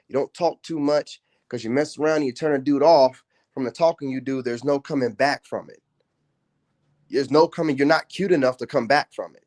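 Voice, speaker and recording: Man on a livestream, taunting, cocky, cussing, streety slang, mid-pitched. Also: normal speed, darkish tone. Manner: taunting, trash-talking, boastful; profane, slangy street talk. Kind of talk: casual livestream rant.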